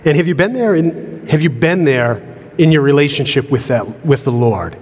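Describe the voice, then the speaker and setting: A man's voice: a little high, animated, normal speed, a little mellow, breathy edge. A middle-aged man preaching a sermon in an earnest manner, often repeating words as he builds a point, heard in a church sanctuary. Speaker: pastor. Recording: long hall reverb.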